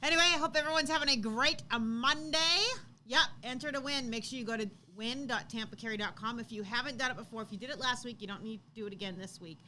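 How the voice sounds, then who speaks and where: A woman's voice: fairly high pitch, fast talker, sharp tone, a little hiss or hum. A woman co-hosting a live stream in casual chat, chatty and playful.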